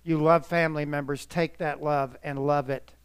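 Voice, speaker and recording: A male pastor preaching an earnest, emotional sermon, his voice swelling and dropping in volume and slowing to stress words. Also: fairly high pitch, steady tone, clear, resonant tone, no room sound.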